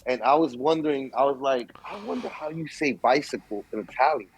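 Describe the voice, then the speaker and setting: A young man co-hosting a podcast in casual chat, telling stories with lively acted-out quotes. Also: mid-range voice, brisk, slight background noise, low-quality recording. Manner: animated storytelling, acts out quotes. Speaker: podcast co-host.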